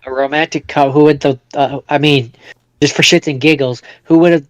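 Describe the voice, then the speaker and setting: A man's voice: fairly high pitch, steady tone, brisk, dry recording. A man co-hosting a podcast in casual chat, hedging his points with "I mean" and "I don't know". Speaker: podcast co-host.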